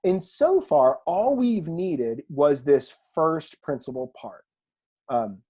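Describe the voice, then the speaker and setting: A man teaching a recorded online language lesson in a relaxed, chatty way, with fillers and asides, from a room at home. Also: a little high, slow pace, breathy edge. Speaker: Greek teacher.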